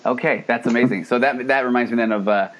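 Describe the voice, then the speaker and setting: A man's voice: medium pitch, quick pace. A man hosting a podcast interview, enthusiastic and chatty, often repeating his words as he talks. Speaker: podcast host. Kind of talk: casual interview.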